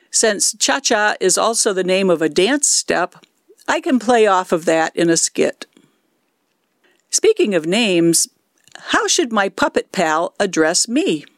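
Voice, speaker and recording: A woman in her sixties speaks in a low-set alto, clear and measured as she explains things step by step. Her voice is recorded close and dry, with no room sound around it. The pitch sits in a middling range for a woman. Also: no room sound. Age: 60s. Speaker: lay worship leader doing puppet ministry. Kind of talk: instructional talk.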